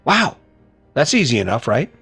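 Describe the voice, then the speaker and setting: A man's voice: medium pitch, sing-song, normal speed, vocal fry, sharp tone, slightly rough, soft background music. A middle-aged man hosting a podcast, delivering a blunt motivational monologue full of rhetorical questions and casual swearing. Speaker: podcast host.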